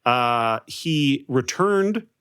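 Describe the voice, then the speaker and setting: A man's voice: mid-range voice, expressive, extremely slow, a bit bright, clean tone. A man co-hosting a comedy podcast, recapping a film plot in a loose, chatty way full of fillers and laughing asides. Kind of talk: casual comedic chat.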